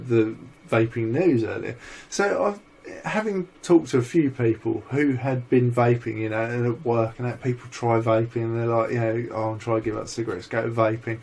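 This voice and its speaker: A man co-hosting a casual vlog chat, rambling and swearing freely as he tells animated stories. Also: medium pitch. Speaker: vlog co-host.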